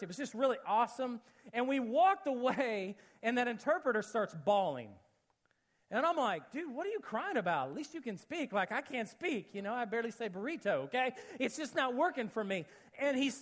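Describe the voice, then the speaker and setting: A man preaching a sermon, telling a mission story with jokes and acted-out quotes, then turning earnest and quiet. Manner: animated, jokey, acts out quotes, shifts to low earnest tone. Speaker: pastor.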